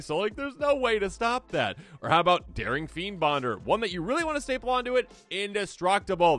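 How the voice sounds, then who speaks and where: Animated man reviewing card game decks. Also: sits high. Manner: animated, jokey, talks to imagined opponents. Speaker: host.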